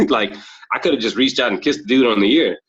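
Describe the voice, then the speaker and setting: A man's voice: mid-range voice, expressive, fairly quick, husky. A man appearing as a podcast guest, telling thoughtful personal stories and acting out the dialogue in them. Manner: thoughtful, acts out quoted dialogue. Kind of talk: reflective personal storytelling. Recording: dull lo-fi sound.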